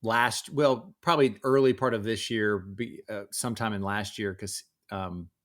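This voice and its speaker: A man's voice: lowish voice, steady tone, normal speed, a bit bright. A man in his forties, a podcast guest, talking casually and reflectively about family life. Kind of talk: casual interview chat.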